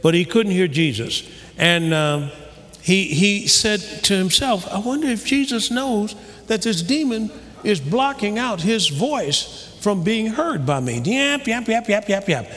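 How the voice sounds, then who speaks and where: A man preaching in a sanctuary, his fairly high voice carrying a long reverb through the hall. He delivers an animated sermon with many restarts and fillers, rising now and then to shouts. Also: measured pace. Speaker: pastor.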